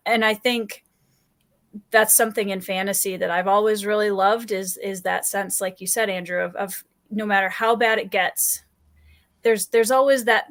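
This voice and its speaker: A woman's voice: medium pitch, a bit bright. A woman hosting an unscripted writers' panel, speaking thoughtfully with frequent restarts and easy laughter. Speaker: host.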